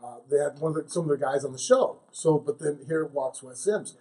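A man's voice: on the high side, fairly quick, dark tone, recorded from a distance. A man co-hosting a podcast, telling a rambling story full of fillers and restarts. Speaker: podcast co-host. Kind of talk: casual podcast chat.

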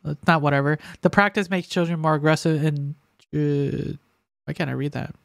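A man with a smooth, resonant voice co-hosts a laid-back podcast. He reads news items out loud and keeps stumbling over words and pausing to fill gaps. The sound is dry and close to the mic. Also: fairly high pitch, fairly even intonation, no room sound. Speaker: podcast co-host. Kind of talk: casual podcast chat.

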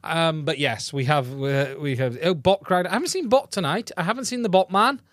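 A man's voice: a little high, brisk, dry recording, clean studio sound. A man hosting a casual live-stream podcast, chatting in a rambling way with lots of fillers and restarts. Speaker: podcast host. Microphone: podcast mic into a mixing console.

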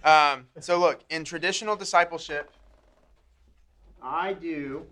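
Bright-voiced man teaching a church group. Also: a little high, measured pace. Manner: conversational, earnest, repeats patterns step by step. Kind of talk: informal teaching talk to a small group.

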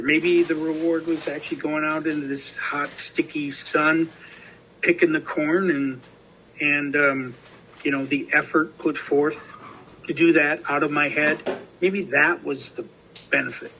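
A man's voice: fairly high pitch, fairly even intonation, measured pace, bright, forceful tone, a little hiss or hum, poor audio. A man hosting a casual recovery podcast, telling a story in rambling fashion with many restarts and fillers. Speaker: podcast host.

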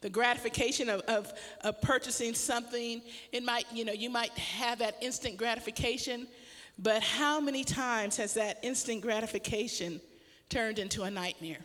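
Lady preacher, kinda high voice, chatty and laughing a lot, big echoey hall. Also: normal speed. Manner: animated storytelling with frequent laughter. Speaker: pastor. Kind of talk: casual sermon with personal story.

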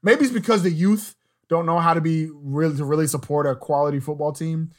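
A young adult man hosting a casual sports podcast, chatty and opinionated, often letting his sentences trail off low. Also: fairly quick, darkish tone. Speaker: podcast host.

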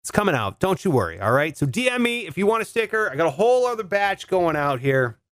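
Laid-back male podcast host, cussing and saying dude, animated delivery. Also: sits high, quick pace, no room sound, clean studio sound. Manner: laid-back, swears freely, says dude and bro. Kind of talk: casual solo podcast chat.

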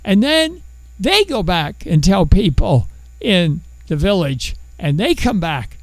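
Animated male preacher, high and lively. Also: takes it slowly, dry recording, poor audio. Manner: animated storytelling, acts out biblical characters. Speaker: pastor. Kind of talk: sermon.

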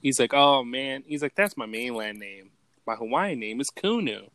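A man's voice: medium pitch, big pitch swings, normal speed, fairly bright tone, no echo. Laughing man retelling movie quotes. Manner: laughs often, acts out quotes. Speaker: podcast co-host. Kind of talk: casual chat recapping movie quotes.

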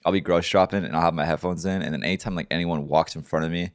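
Young guy co-host, very low voice, dry close sound, casual and crude. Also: steady tone, racing, clean tone, no echo. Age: young adult. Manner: laid-back, profane, laughs along. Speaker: podcast co-host. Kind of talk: casual chat.

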